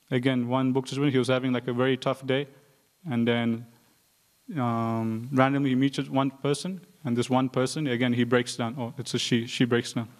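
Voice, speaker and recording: Guy teaching a temple scripture class, pretty monotone, lots of "like" and "you know". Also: medium pitch. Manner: storytelling with many "like" and "you know" fillers. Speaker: devotee giving a scripture class. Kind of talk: informal scripture class talk. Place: temple hall.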